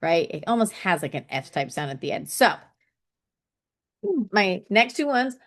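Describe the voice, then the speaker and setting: A woman's voice: fairly low pitch, very animated, measured pace, pauses often, a bit bright. A woman teaching a casual online poetry lesson, chatty and thinking aloud, saying "okay" often and tapping out syllables and stresses.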